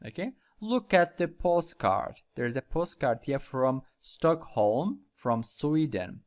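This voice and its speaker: A man's voice: mid-range voice, expressive, slow pace. A man teaching English with a Vietnamese accent, going over vocabulary and repeating each word several times. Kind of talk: slow classroom lesson with repetition.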